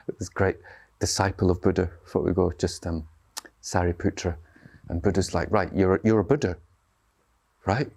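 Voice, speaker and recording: Low and a little mellow, his voice carries a loose, conversational dharma talk. As a meditation teacher, he keeps checking in with his audience using tag questions.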